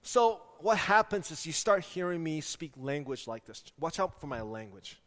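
Animated preacher in an echoing hall. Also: male voice, fairly high pitch, moderate pace. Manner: animated, humorous storytelling. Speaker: pastor. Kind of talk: sermon with personal stories. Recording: echoey hall.

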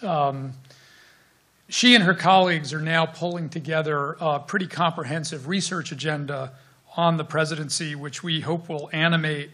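A middle-aged man hosting a seminar and introducing speakers, measured, with some fillers. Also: on the high side, fairly bright tone. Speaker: host and center director. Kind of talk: seminar presentation.

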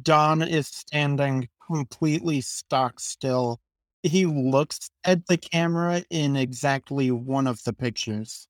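Slow, measured male game master. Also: medium pitch, dry recording. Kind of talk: narrating a tabletop game.

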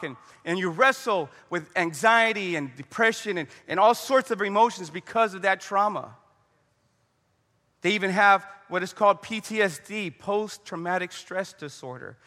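A man's voice: high voice, bright, forceful tone, long reverb tail. A man preaching a conversational sermon, telling stories and praying aloud. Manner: conversational preaching with storytelling and prayer. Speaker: pastor.

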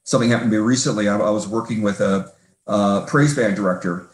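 A man's voice: lowish voice, fast talker. A man in a casual group conversation speaks thoughtfully and rambles a little. He restarts his sentences often as he works toward his point. The room around him adds a noticeable echo. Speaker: audience member asking a question. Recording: roomy echo.

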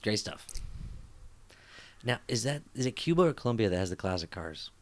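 A man's voice: on the low side, sing-song, moderate pace, darkish tone. A man co-hosting a podcast, joking through casual banter with his friends and laughing often. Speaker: podcast co-host.

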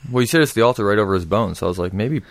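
A man co-hosting a casual podcast who asks short questions and answers with quick reactions. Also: fairly low pitch, animated, gravelly. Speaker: podcast co-host.

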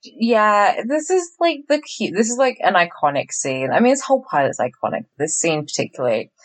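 A woman's voice: medium pitch, very animated, brisk. A young woman co-hosting a podcast, chatting casually and swearing as she recaps a TV show. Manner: chatty, swearing, heavy use of 'like'. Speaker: podcast co-host.

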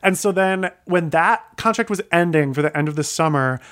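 A man's voice: on the high side, normal speed, fairly bright tone. A young man telling stories in a casual chat, using lots of "like" fillers. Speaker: guest.

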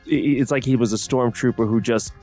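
A man's voice: medium pitch, steady tone, fairly quick, dark tone, soft background music. A man co-hosting a casual podcast chat, opinionated and ranty, often repeating his words. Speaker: podcast co-host.

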